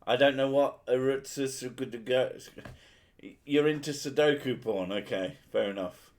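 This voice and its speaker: A man's voice: medium pitch, moderate pace, a little mellow. A man chatting crudely on a stream. He jokes constantly and swears freely, laughing at his own lines. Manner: profane, jokey, laughs often. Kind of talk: crude casual chat.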